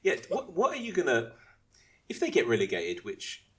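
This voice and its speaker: A man's voice: fairly high pitch, wildly swooping pitch, normal speed, a bit bright. A man co-hosting a casual podcast chat, rambling through his points with many restarts. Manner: rambling, restarts and asks if he may speak. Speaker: podcast co-host.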